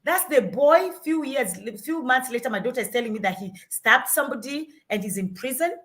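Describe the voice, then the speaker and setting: A woman's voice: high-pitched, animated, fairly quick, a bit bright. A middle-aged Kenyan woman with a Kenyan accent, giving earnest parenting advice in an emphatic, repetitive storytelling way. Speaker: parenting guest.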